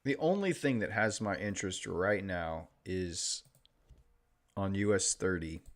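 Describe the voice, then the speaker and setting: Deep-voiced man commentating live trades. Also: lively intonation, measured pace. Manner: offhand, thinking aloud while watching charts. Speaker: trading livestream host. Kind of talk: casual live-stream commentary.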